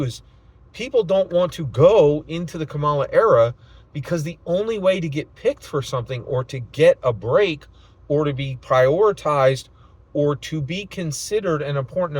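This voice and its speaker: Animated rambling male vlogger. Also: mid-range voice, no echo, low-quality recording. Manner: rambling, tags many lines with "right?". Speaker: political vlogger. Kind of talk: casual monologue commentary.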